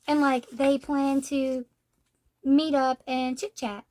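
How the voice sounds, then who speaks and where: A woman's voice: sits high, little pitch movement, slow, a little mellow. A young woman chatting casually through a manga review, filling her talk with "like". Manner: chatty, says "like" often.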